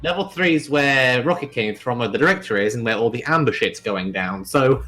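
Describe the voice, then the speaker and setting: A man's voice: mid-range voice, animated, a little fast, sharp tone. Wry joking man at a game table. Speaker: player. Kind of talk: casual game chat.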